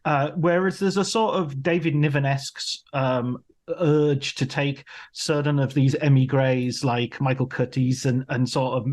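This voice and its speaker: A man hosting a conversational interview, his voice in a middle pitch. He asks his questions haltingly, pausing with fillers as he gathers his thoughts. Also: steady tone, a little mellow. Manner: halting, searching for words with many fillers. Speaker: podcast host.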